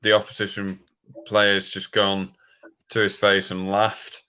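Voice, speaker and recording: A man co-hosting a football podcast, talking in a halting, hesitant way. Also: lowish voice, monotone, pushed and bright, slight background noise. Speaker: podcast co-host. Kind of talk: casual football chat.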